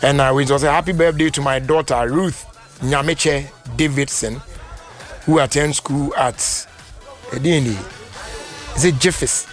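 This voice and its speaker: A man with a Ghanaian accent hosts a radio show and reads ads. His voice sits in an ordinary middle pitch and is lively, often rising into half-sung phrases. Faint music plays underneath. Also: unhurried, long pauses. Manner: lively, breaks into sung phrases, mixes Twi and English. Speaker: radio host.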